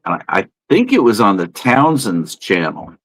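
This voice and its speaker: Low-voiced man with wry, dry jokes. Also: big pitch swings, moderate pace, a bit bright, no echo, poor audio. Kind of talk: casual chat.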